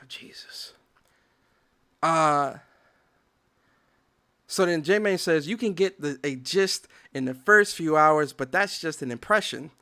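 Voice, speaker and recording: A man with a notably high-pitched voice hosts a gaming podcast. He talks in a heated, profane rant and keeps reading dictionary definitions aloud to drive his argument home. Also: moderate pace, few pauses, sharp tone. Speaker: podcast host.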